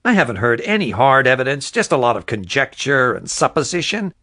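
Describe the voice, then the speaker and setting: A man's voice: medium pitch, sing-song, fairly quick, bright, forceful tone, dry recording, clean studio sound, pitched above the performer's own voice, heavily acted. A man reading an audiobook, voicing a skeptical town official who objects insistently.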